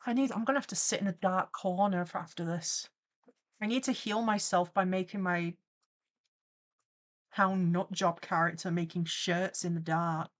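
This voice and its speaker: Excitable woman streamer reading chat. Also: on the low side, moderate pace. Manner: excitable, reacts loudly to viewer stories; reads viewer comments aloud and comments on them. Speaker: streamer and animator. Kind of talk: live-stream chat while animating.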